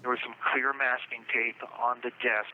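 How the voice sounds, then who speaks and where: A man in a phone interview from jail, recounting events in a plain, halting first-person way. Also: mid-range voice, little pitch movement, phone-quality sound, soft background music. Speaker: jailed murder suspect.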